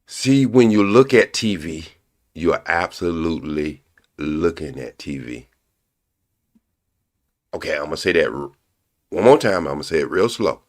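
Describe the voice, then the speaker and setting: An older man hosting a live stream, preaching bluntly and profanely, repeating his points slowly for emphasis. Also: very deep voice, lively intonation. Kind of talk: casual live-stream commentary.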